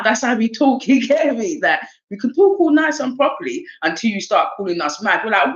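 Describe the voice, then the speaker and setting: A woman with a South East London accent giving an oracle card reading in a casual livestream chat, animated and laughing, with streetwise slang and swearing. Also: a little high, a little fast, few pauses, dull audio.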